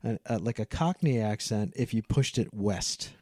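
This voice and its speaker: A man's voice: on the low side, animated, moderate pace, mellow, no room sound, clean studio sound. A man with a Midwestern American accent, a podcast guest chatting playfully with many restarts. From Midwestern United States. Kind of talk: casual chat.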